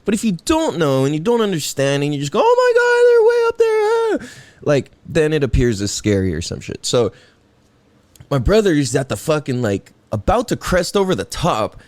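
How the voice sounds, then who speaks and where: A man's voice: a little high, sing-song, normal speed, a little mellow, no room sound. A young man hosting a podcast, talking in a rambling, profane way and laughing at his own tangents. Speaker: podcast host. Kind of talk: casual solo podcast monologue.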